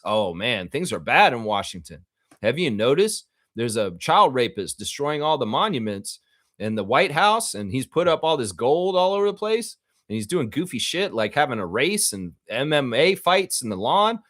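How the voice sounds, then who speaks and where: A man hosts a casual live sports reaction stream and reads viewer comments aloud. His delivery is rambling and opinionated, and his pitch swings widely from phrase to phrase. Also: sing-song, moderate pace.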